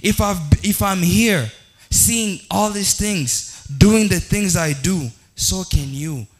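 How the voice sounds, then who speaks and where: A pastor with a Kenyan accent preaches a sermon, building repeated declarations and mixing English with Swahili. He speaks slowly in a high-pitched voice, with faint music in the background.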